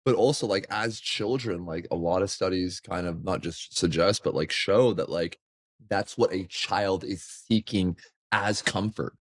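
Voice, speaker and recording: Rambling man co-hosting a chat podcast. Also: a little slow. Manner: rambling, filler-heavy, acts out quotes in sudden high voices; swears casually. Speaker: podcast co-host. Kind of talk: casual chat.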